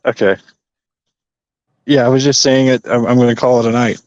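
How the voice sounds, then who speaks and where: A man's voice: medium pitch, little pitch movement, moderate pace, a little mellow, dry recording, highs cut off. A man guesting on a podcast, signing off in easygoing, friendly casual chat.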